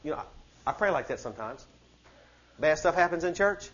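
High-voiced fervent male preacher. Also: expressive, brisk, a bit bright, highs cut off. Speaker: pastor. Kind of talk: sermon. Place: church service.

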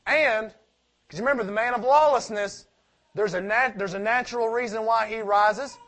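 Man preaching, high voice, rhetorical questions, loud then hushed asides. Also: moderate pace. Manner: swings from loud emphatic preaching to quiet asides; rhetorical questions, answers them himself. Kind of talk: sermon.

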